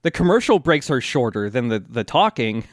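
A man chats casually on a podcast about an anime, cracking jokes and swearing with ease. His middle-pitched voice is recorded close and dry, with no room sound behind it. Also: sing-song, no room sound. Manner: jokey, swears casually, quick agreeing. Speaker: podcast co-host. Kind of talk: casual anime recap chat.

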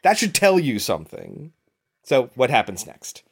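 A man co-hosting a podcast, talking about films in an animated, opinionated way and swearing often. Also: mid-range voice, measured pace, breathy edge. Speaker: podcast co-host. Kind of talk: casual film discussion.

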